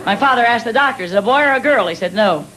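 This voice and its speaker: A man's voice: extremely high pitch, expressive, heavy background noise. A man firing off self-deprecating one-liners in a live stand-up set. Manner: rapid-fire, self-deprecating punchlines. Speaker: stand-up comedian. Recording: live show with loud audience laughter.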